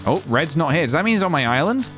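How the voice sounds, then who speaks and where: A man's voice: fairly high pitch, very animated, fast, over music. A British man in his thirties giving chatty, rambling, self-mocking commentary during a live game stream.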